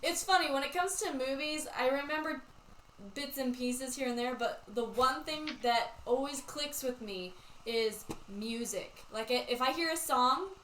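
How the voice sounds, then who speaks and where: High bright woman in a roomy echo. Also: measured pace, a little hiss or hum. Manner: friendly, addresses viewers directly. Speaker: host. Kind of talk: casual live-stream chat.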